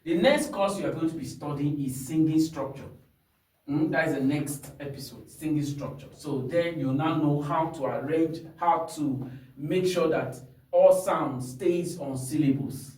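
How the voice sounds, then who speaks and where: Male voice coach, high-ish voice, patient instructive delivery, echoey room with a distant mic. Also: measured pace, darkish tone. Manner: instructive, checks in often with "hmm?" and "you understand?". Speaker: singing teacher. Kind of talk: singing lesson with demonstrations.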